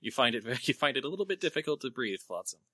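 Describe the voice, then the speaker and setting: A man running a tabletop role-playing game as game master, chatty and quick to laugh. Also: medium pitch, sing-song, background noise.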